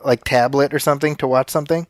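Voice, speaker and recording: A man's voice: mid-range voice, steady tone. A man in his forties talks casually as a podcast co-host, often restarting his sentences. His tone is wry and dry. The sound is close and dry, with no room echo. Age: 40s. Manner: halting, restarts phrases, wry. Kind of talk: casual chat.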